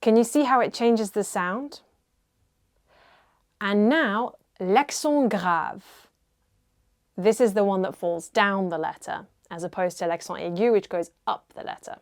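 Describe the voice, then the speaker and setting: Slow, careful woman teaching French. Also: medium pitch. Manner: slow, careful, models pronunciation and repeats words. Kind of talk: language lesson.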